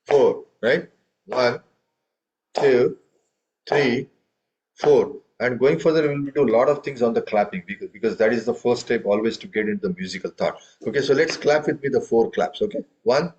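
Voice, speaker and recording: A man's voice: medium pitch, darkish tone, lo-fi sound. A man teaching a group tabla lesson, counting beats and reciting drum syllables for students to follow.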